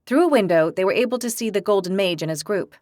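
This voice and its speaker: A woman's voice: mid-range voice, quick pace, darkish tone, no echo. Woman narrating an audiobook, dry and close. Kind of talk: scripted narration.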